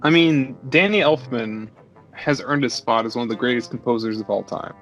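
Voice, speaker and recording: A man's voice: mid-range voice, moderate pace, highs cut off, faint music behind. A man co-hosting a casual film review chat over beers, talking in a loose, easygoing way. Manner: relaxed, talks with many "like" fillers. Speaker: podcast co-host.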